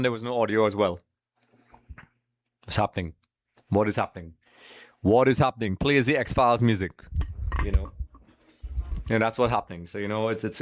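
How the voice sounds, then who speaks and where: A man's voice: medium pitch, dry recording, studio quality. A man hosting a live football watch-along stream, chatting casually with viewers and calling them folks while he sets up graphics.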